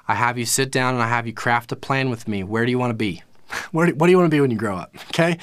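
A man's voice: medium pitch, no echo. A man teaching a live online music lesson, explaining in a casual way with plenty of fillers and restarts. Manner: casual, explanatory, lots of fillers and self-corrections.

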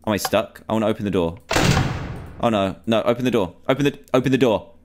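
A man's voice: on the low side, fast talker, background noise. Panicky man playing a horror game. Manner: panicky, pleading, talking to himself, repeating lines. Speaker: gamer.

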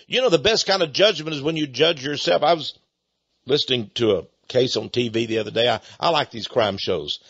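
A man preaching a sermon in a folksy, animated storytelling manner, often chuckling. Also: medium pitch, brisk, slightly rough, no room sound. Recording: dull dry lo-fi recording.

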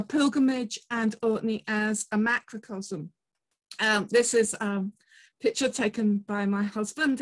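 A woman from southern England with a Portsmouth accent, giving a conference talk in a chatty way, often pausing on ums and restarting. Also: fairly high pitch, no echo, low-quality recording. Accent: Portsmouth English. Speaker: conference speaker. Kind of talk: presentation talk.

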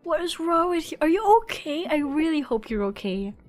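A woman's voice: sits high, expressive, brisk, darkish tone, soft background music. A woman streamer chatting on a live stream, frantic and overwhelmed, often breaking into laughter. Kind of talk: casual live-stream chat.

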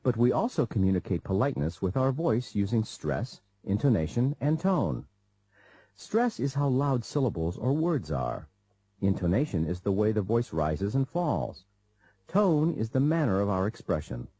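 Guy reading a language lesson, husky and warm, swoops his pitch a lot. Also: sing-song, moderate pace, dry recording. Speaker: lesson narrator. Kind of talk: scripted instructional narration.

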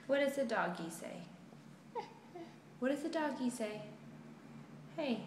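Slow, sing-song mother coaxing a toddler. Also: sits high, expressive. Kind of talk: playful home video chat with a toddler. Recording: roomy home recording, faint noise.

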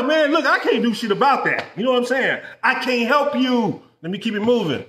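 A man's voice: very high-pitched, big pitch swings, a little fast, pushed and bright, roomy sound. A man ranting in a vlog as a business coach, swearing and repeating himself in exasperation. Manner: profane, repetitive, exasperated ranting.

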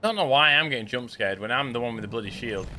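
A man from the UK giving joking, excitable commentary while playing a game, chatting to his teammates. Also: medium pitch, fast, noisy background. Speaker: gaming YouTuber. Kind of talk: casual gameplay commentary. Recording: game sounds clearly behind the voice.

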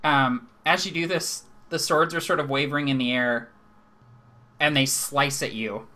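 A man running a live online tabletop game as game master, laughing easily and explaining rules in a relaxed way. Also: mid-range voice, moderate pace.

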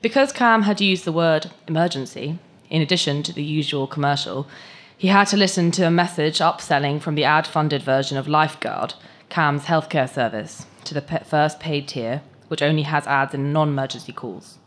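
A woman reading a short story aloud at a live event, with measured, expressive narration. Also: low-pitched. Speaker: story reader.

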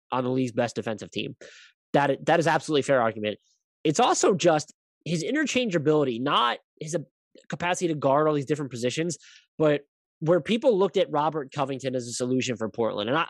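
A man's voice: mid-range voice, no echo. A man hosting a basketball podcast, talking casually in a rambling way, often correcting himself, stammering through details and swearing now and then.

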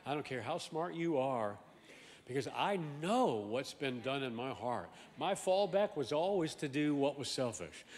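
A man preaching a sermon as pastor, animated and emphatic, swinging from loud exclamations to quiet asides and often repeating words. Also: mid-range voice, unhurried, big-room sound. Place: large church sanctuary.

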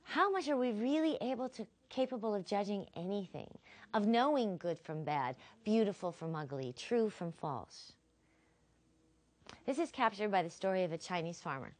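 A woman's voice: mid-range voice, moderate pace. A woman philosophy instructor giving a recorded lecture, telling stories expressively. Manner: expressive, animated storyteller.

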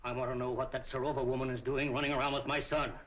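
A man's voice: mid-range voice, flat delivery, very fast, slight background noise, lightly acted. An actor playing a worried, stern store owner and father, in 1940s film acting. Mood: desperate. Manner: stern, anxious, forceful when angry. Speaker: businessman. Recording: dull old film soundtrack.

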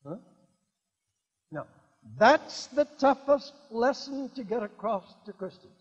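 A man's voice: very high voice, lively intonation, slow, slightly rough. Emphatic older man preaching in a hall. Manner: swings from quiet asides to loud emphatic proclaiming, repeats key lines. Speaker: evangelist. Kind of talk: sermon. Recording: dull lo-fi recording in a reverberant hall.

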